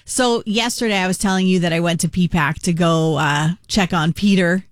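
Woman, radio host, casual on-air chat, animated storyteller, dry close mic. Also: fairly low pitch, moderate pace, no room sound. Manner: chatty storyteller, acts out voices of people in her story.

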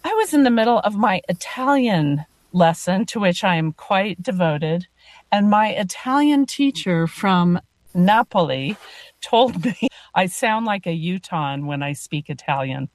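A woman's voice: fairly low pitch, lively intonation, unhurried, no echo. A woman host asking questions and telling a personal story in a conversational way. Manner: conversational, anecdotal. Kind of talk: radio interview chat.

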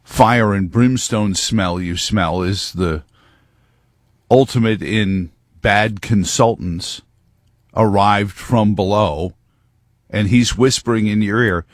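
Taking his time in a lowish register, this talk show host rambles through an emphatic, opinionated monologue. The close-miked recording has no echo.

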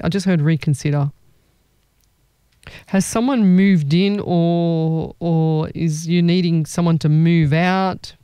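Chatty woman, smooth dry voice. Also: lowish voice, warm tone, no echo. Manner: chatty, rambling, laughs often. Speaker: psychic medium. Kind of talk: casual live reading chat.

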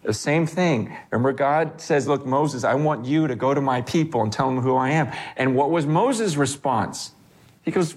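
A man preaching in a loose, conversational way, with a voice that sits high for a man. He is lively and animated and slips into the voices of the people he quotes. It feels like talking with the congregation more than preaching at them. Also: moderate pace. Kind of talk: sermon.

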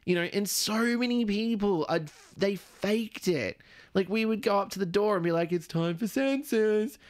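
A man's voice: sits high, normal speed. An Australian man chatting casually on a radio panel, chatty and self-mocking. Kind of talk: casual chat.

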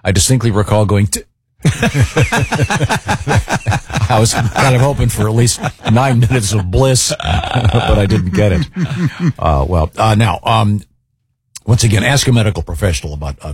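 A man hosting a relaxed talk show, drifting through stories with plenty of pauses and fillers. His voice sits low and a bit husky. The sound is close and dry. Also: dry recording. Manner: rambling, halting storyteller with many fillers. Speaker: show host. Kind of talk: casual chat with guests.

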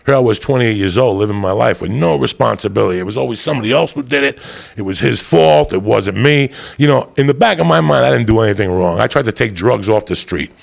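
A man telling a profane stand-up story, rowdy and swinging into loud high-pitched outbursts. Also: lively intonation, fast talker, vocal fry. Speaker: comedian. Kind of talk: stand-up storytelling to a live audience.

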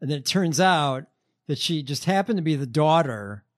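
A man hosting a podcast, recounting stories in casual chat. He talks haltingly, with lots of fillers. His tone is wry and sardonic, and his voice sits a little high. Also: lively intonation. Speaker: podcast host.

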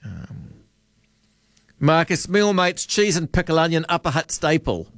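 A man's voice: a little high, sing-song, a little slow, dry recording, studio quality. A man with a New Zealand accent hosting a late-night radio talk show, chatting casually and quizzing his callers. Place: radio studio. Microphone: studio microphone.

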